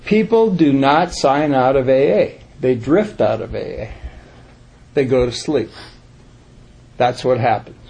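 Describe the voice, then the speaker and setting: A man addresses a room of fellow members in recovery, his voice husky and a little rough around the edges. He talks plainly and earnestly, leaning hard on the points he wants to land. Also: medium pitch, warm tone. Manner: earnest, plain-spoken, emphatic. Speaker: recovery speaker. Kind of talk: recovery talk to a group.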